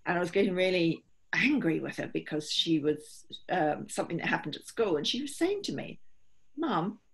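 A woman's voice: on the low side, sing-song, a little fast, vocal fry, husky. A middle-aged woman, a holistic therapist, explaining earnestly and steadily in an interview, often voicing what her clients think.

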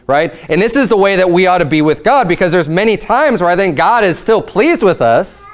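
A pastor preaching a sermon in a conversational, earnest way, often restarting his sentences. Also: high voice. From United States. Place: church sanctuary.

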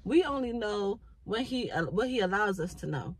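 A woman's voice: medium pitch, expressive, normal speed, slightly rough, poor audio. Earnest woman preaching to camera. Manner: earnest, preachy faith talk. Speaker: mother sharing faith thoughts. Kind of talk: casual spoken reflection.

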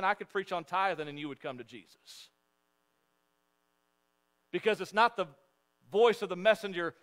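A male pastor preaching a sermon in church, emphatic and repetitive, swinging between loud and hushed. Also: sits high, smooth. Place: church sanctuary.

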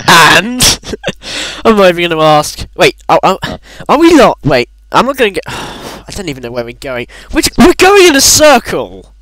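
A man chatting excitedly while playing a game, laughing often and swearing when flustered. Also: high voice, measured pace, dry recording, low-quality recording. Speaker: player. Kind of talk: casual gaming chat.

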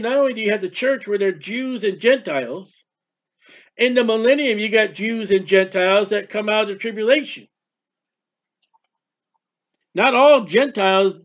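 Male preacher with a high voice, fervent, punchy rhetorical questions, dull lo-fi sound. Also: fairly bright tone. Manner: fervent, fires off rhetorical questions, declaims scripture. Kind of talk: sermon-style Bible teaching.

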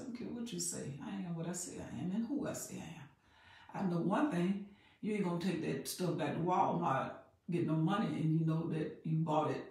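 Gravelly woman preaching in an echoey room. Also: deep voice. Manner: repetitive, emphatic preaching that swells in loudness. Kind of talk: sermon. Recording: very echoey room, voice far from mic.

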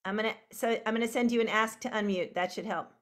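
Bubbly high-voiced woman host. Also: fast talker. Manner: bubbly, rambling, laughing. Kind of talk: greeting online viewers by name. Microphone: video call.

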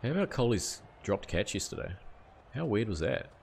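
A man's voice: lowish voice, very animated, normal speed, vocal fry, darkish tone, a little hiss or hum. A young man chatting casually to viewers on a live game stream, easygoing and full of questions. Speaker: gaming streamer.

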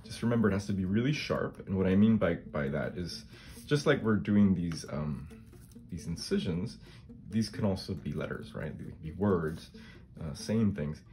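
Low-voiced man musing over his craft. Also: expressive, normal speed, darkish tone. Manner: thinks aloud, often adds a questioning "right?". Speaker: collage artist and channel host. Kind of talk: casual craft demonstration.

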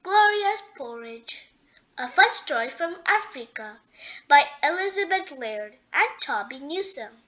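A woman reading a children's storybook aloud at bedtime, slowly and clearly. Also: high-pitched, lively intonation, sharp tone. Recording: dull lo-fi sound.

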